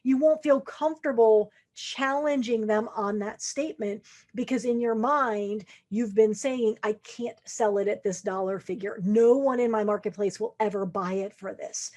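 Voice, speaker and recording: A woman's voice: a little high, normal speed, darkish tone. Woman sales coach, conversational podcast. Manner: conversational, acts out quoted lines of prospects. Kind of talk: podcast sales advice monologue.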